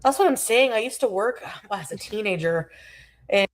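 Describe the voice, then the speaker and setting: A woman's voice: mid-range voice, expressive, moderate pace. A woman in her forties chatting casually on a livestream, complaining and rambling. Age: 40s. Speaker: streamer in a reacted clip.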